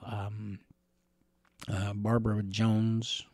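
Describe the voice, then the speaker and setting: Soft-spoken middle-aged man telling stories. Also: on the low side, completely flat delivery, drawn-out words, no room sound. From Catawba Nation, Carolinas, USA. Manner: rambling, gentle storytelling with frequent chuckles and fillers. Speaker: interviewee. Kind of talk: personal storytelling in an interview.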